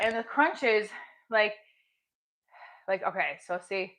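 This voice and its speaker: Slow, chatty woman working out on a livestream. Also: medium pitch, a bit bright. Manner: chatty, talks while exercising, with small effortful grunts. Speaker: livestream host. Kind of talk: casual livestream chat.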